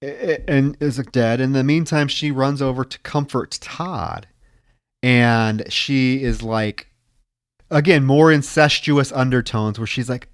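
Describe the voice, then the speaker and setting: A man's voice: measured pace, dry recording, studio quality. A man co-hosting a podcast, recapping a film scene by scene and swearing freely. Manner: acts out scenes in high screaming voices, swears freely. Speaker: podcast co-host. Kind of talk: casual film discussion.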